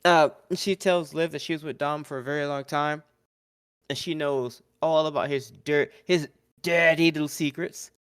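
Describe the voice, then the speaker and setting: A man co-hosting a podcast, telling a wrestling recap in casual chat. He is animated, laughs often and acts out the wrestlers' lines. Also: a little high, moderate pace, clear, resonant tone, dry recording, studio quality. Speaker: podcast co-host.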